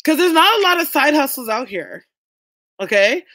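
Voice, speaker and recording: A woman's voice: high-pitched, sing-song, moderate pace, pushed and bright, no echo, clean studio sound. A young woman vlogging, telling a story to her viewers in a blunt, chatty way and swearing freely.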